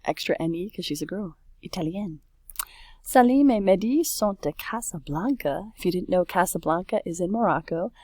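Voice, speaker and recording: A woman's voice: fairly low pitch, lively intonation, fairly quick, few pauses, warm tone, dry recording, clean studio sound. A woman French teacher talking casually through a worksheet, correcting herself and saying oops as she goes. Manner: chatty, self-correcting, says oops often.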